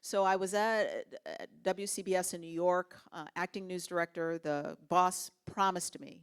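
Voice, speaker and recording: Earnest woman telling her story, lowish voice. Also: fairly even intonation, unhurried, hardly any pauses, clear, resonant tone. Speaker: guest speaker. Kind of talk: storytelling in an interview. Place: university lunch talk event.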